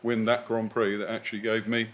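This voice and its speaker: A middle-aged man hosting a live club evening, jovially putting audience questions to his guest and reading them out briskly. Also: on the low side, little pitch movement, a bit bright, a little hiss or hum. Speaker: host. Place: club evening event indoors.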